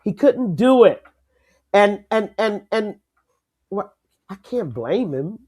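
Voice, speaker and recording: An older woman co-hosting a casual sports talk show, lively and emphatic, laughing easily. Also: medium pitch, slow, breathy edge. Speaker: co-host.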